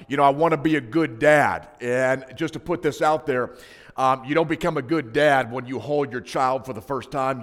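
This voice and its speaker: A man in his thirties preaches a sermon, speaking in a mid-range voice. He tells stories casually and turns to the congregation with asides. The sound carries the long reverb of a church sanctuary. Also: mid-range voice. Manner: conversational storytelling with asides to the congregation. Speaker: pastor.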